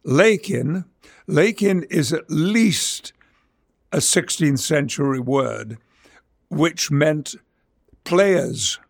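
Gravelly older Englishman, slow and measured. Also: fairly high pitch, expressive. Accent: English, trained stage speech. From Yorkshire, England. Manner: measured, theatrical delivery. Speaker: actor, guest. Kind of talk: interview conversation and dramatic verse reading.

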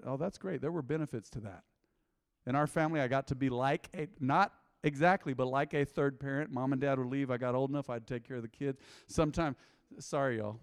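A man's voice: medium pitch, fairly quick, smooth, no echo, clean studio sound. Man preaching. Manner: call-and-response preaching, swings loud and quiet. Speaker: pastor. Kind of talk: sermon. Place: church with live congregation.

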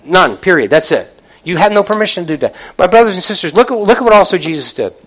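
A male preacher with a fairly high voice delivers a lively, conversational sermon. He throws rhetorical questions at the congregation and acts out quoted voices as he goes. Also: fast, poor audio.

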